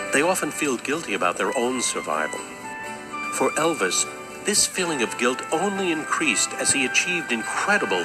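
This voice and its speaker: A man narrating a documentary in a measured, scripted way. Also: medium pitch, rough recording. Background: music.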